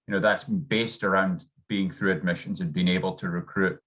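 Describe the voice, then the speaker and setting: A man's voice: deep voice, steady tone, normal speed, fairly bright tone. A man with a subtle Scottish accent, a rugby coach talking earnestly and upbeat as a guest over a video call. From Scotland. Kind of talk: interview guest.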